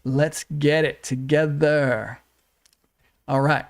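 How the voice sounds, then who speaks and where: A man coaching his livestream audience on relationships, speaking in an earnest, repetitive way. His voice sits a little on the higher side for a man, and he keeps checking in with his listeners. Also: fairly even intonation, takes it slowly, vocal fry. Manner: earnest, repetitive phrasing with frequent "right?". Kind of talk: livestream teaching talk.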